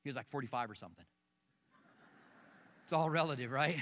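A man's voice: mid-range voice, a little fast. A middle-aged man preaching a sermon, telling personal stories and quizzing the congregation in a large church auditorium with balconies. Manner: animated storyteller who questions the congregation. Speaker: pastor. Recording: echoey hall from a distance.

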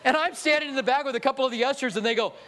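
A man's voice: very high-pitched, racing, some chatter behind, slight background noise. A male pastor preaching a sermon, telling humorous stories and acting out quotes. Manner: storytelling with jokes, lively acted-out quotes.

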